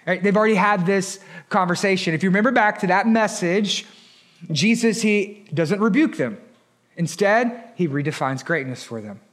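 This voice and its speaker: A man in his thirties preaching a sermon as pastor, moving from quiet, low stretches up to shouted points. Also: lively intonation, moderate pace. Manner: builds from quiet to shouted emphasis.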